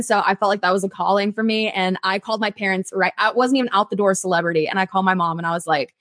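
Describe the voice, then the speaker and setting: A young adult woman, a theme park singer, telling her story in a casual interview with an animated, chatty manner. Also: mid-range voice, fast talker, few pauses, no room sound, studio quality.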